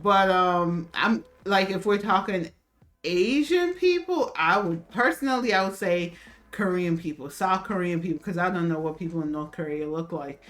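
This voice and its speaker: A woman's voice: on the low side, expressive, normal speed, a bit bright, soft background music. A woman co-hosting a casual chat show, talking loosely with many fillers and restarts. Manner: chatty, lots of fillers and restarts, laughs often. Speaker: co-host. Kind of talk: casual chat reacting to a video.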